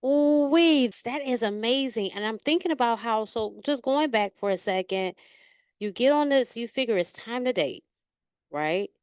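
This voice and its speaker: A woman hosts a casual interview in a smooth, clear voice. She keeps affirming her guest with enthusiasm. The sound is close and dry. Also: on the high side, animated, normal speed, no room sound. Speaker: interview host.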